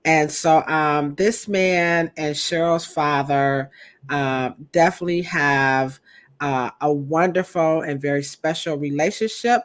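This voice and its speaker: A woman co-hosting a hair podcast in a chatty, animated way, turning often to her co-host. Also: low voice, slow pace. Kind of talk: casual podcast chat.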